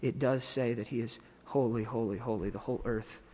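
A man's voice: medium pitch, steady tone, a little fast, darkish tone, in a large hall, a little hiss or hum. A man preaching a sermon in a teaching manner, often restarting and repeating words.

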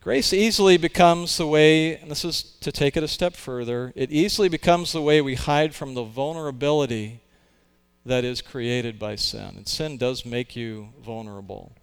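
A man preaching a sermon, earnest and emphatic. His voice is smooth and resonant. His pitch sits in the middle of a man's range. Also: moderate pace. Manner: earnest, emphatic, with occasional restarts. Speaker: pastor.

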